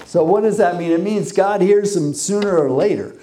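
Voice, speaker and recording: A man's voice: on the high side, slow pace, pauses often, warm tone. A man preaching a sermon, who reads scripture aloud, repeats phrases for emphasis and asks the congregation questions.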